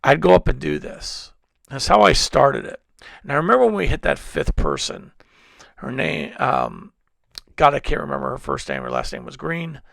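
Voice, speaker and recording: A male pastor preaches in a lively, swooping voice with a heavy gravelly rasp. He rambles through stories, restarting his sentences again and again. The recording is dry and close, with little room sound. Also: medium pitch, moderate pace, dry recording. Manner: rambling storytelling with many restarts. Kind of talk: sermon. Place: church service.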